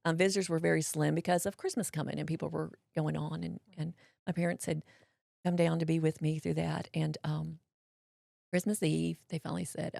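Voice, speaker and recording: A woman, telling a personal story as an interview guest, folksy and animated, acting out what others said. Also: deep voice, fairly quick, vocal fry, no room sound, studio quality. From Mississippi, US.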